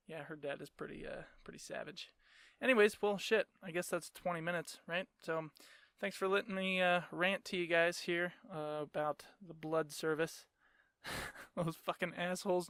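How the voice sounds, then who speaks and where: A man's voice: fairly high pitch, a bit bright, clean tone, dry recording, clean studio sound. A young man hosting his own podcast, ranting in a sarcastic, profane way and laughing often. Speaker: podcast host. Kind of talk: casual solo rant.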